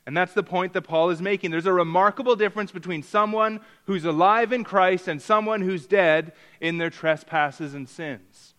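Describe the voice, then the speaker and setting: A male pastor preaching a sermon, teaching in a slow, emphatic way and repeating key phrases for stress. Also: high-pitched, a bit bright.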